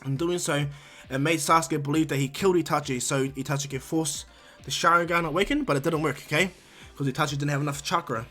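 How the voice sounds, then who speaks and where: A man's voice: fairly high pitch, steady tone, fairly quick, pushed and bright, soft background music. A man casually retelling a fan story, rambling with lots of ums and restarts. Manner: rambling, many fillers and restarts.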